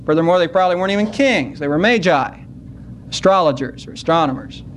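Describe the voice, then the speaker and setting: A man preaching a sermon at a church service, earnest and unhurried, slowing down to stress key words. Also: a little high, expressive, slight background noise. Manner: earnest, slows down to stress scripture.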